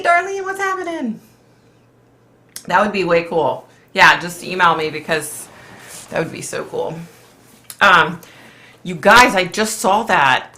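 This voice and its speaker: A middle-aged woman from Philadelphia hosting a casual psychic livestream, chatting with viewers in a blunt, animated way and swearing freely. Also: low voice. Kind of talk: casual livestream chat reading comments.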